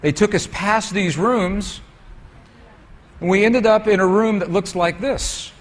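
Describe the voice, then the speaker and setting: A man with a husky voice pitched a little high tells a story while lecturing from slides. He speaks unhurriedly and keeps turning to his audience with questions. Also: unhurried.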